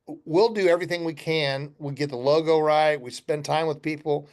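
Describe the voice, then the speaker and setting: A man's voice: on the high side, fairly even intonation, normal speed, darkish tone. A middle-aged man, a company founder guesting on a podcast, telling blunt, folksy stories and acting out both sides of customer conversations with some swearing. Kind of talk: casual storytelling interview.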